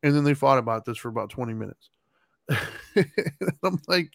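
Middle-aged male co-host, chatty and animated, acts out quotes, dry recording. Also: medium pitch, normal speed, creaky, pauses often, dry recording. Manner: animated, laughs while telling, acts out his kids' lines. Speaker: podcast co-host. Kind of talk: casual storytelling chat.

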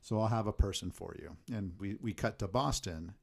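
A man's voice: lowish voice, vocal fry, breathy edge. Male podcast co-host, chatty, plays out characters' lines while recapping a film. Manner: animated, acts out characters' lines in quick bits. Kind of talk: casual chat retelling a film plot.

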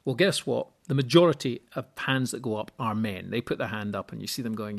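A middle-aged man talks through ideas on his own podcast at a mid-range pitch. He explains step by step and often doubles a word while he thinks. His voice turns animated whenever he acts out what other people say. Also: fairly quick, creaky. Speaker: podcast host and seminar speaker. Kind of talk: solo instructional podcast.

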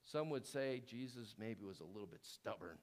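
A male pastor giving a sermon in a conversational style, with fillers and restarts, dropping low and quiet to stress key words. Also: expressive, normal speed.

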